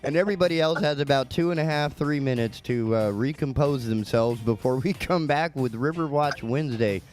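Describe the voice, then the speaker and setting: A man's voice: medium pitch, brisk, darkish tone. A man hosting a talk radio show, chatting casually and joking with his guest before a break. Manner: joking, easygoing banter.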